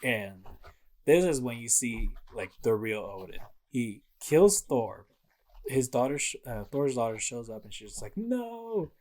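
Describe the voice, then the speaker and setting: A young man co-hosting a podcast, excitedly retelling a video game's plot in casual chat and swearing freely. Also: medium pitch, unhurried. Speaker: podcast co-host.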